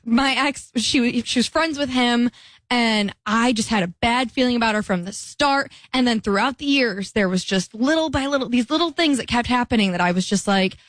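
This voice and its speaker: A woman's voice: a little high, normal speed, fairly bright tone, no echo. A young woman co-hosting a podcast, talking candidly in a rambling casual way with lots of "like" fillers. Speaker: podcast co-host. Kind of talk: casual chat.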